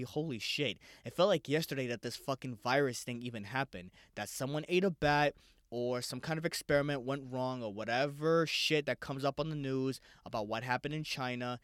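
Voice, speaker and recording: A man's voice: mid-range voice, fairly quick, smooth, dry recording, clean studio sound. A man hosting a casual solo podcast, rambling loosely and swearing freely. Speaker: podcast host.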